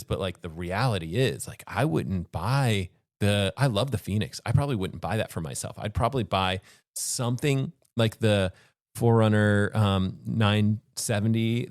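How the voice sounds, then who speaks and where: A man's voice: on the low side, dry recording, studio quality. A man co-hosting a podcast, chatting casually about gear with a rambling, self-correcting manner. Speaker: podcast co-host and watch reviewer. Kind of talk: casual chat.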